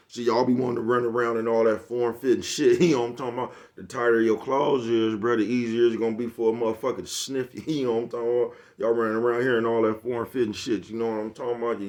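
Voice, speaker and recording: A man's voice: on the low side, a little mellow. A man vlogging a casual comedic rant to camera, laughing often and leaning on slangy, profane street talk with a repeated catchphrase. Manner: laughs often, repeats "you know what I'm talking about".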